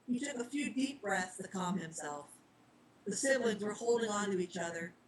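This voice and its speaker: A woman's voice: medium pitch, lively intonation, moderate pace, a little hiss or hum, poor audio. Woman reading a story aloud. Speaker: narrator.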